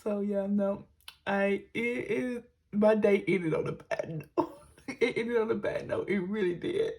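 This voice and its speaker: A woman's voice: medium pitch, steady tone, measured pace, darkish tone. A young woman telling a rambling story to viewers in a casual, chatty way, correcting herself and swearing now and then. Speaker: teacher and budgeting vlogger.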